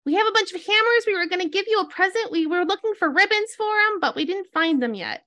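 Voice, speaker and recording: A woman voicing a small, shy, excitable creature that talks in a rushed, childlike way. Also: very high-pitched, dry recording, pitched above the performer's own voice, full character voice. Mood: eager.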